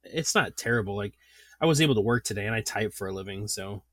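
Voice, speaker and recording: A man's voice: lowish voice, quick pace, no echo, clean studio sound. A man in his thirties, a podcast host, telling a story in a casual chat, laughing often and filling his talk with "like.". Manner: animated storytelling, laughs often, many fillers.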